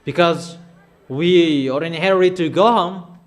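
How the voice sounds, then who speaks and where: A man's voice: a little high, a little slow. A man preaching a sermon in a declamatory, repetitive way.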